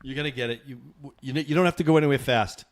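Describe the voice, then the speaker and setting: A middle-aged man co-hosts a podcast, talking fast in a mid-range voice. He chats casually and tells stories with real animation, acting out the dialogue of the people in them.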